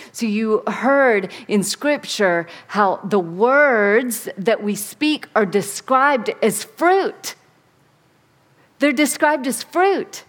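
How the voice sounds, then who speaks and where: Woman pastor, sermon, slow and dramatic, higher voice, soft then emphatic.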